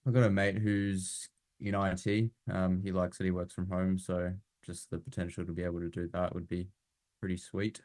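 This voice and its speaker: A man's voice: low-pitched, level tone, normal speed, darkish tone, no room sound. A man playing a tired prospect on a sales call, laid-back and blunt, with fillers and swearing. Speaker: roleplay prospect.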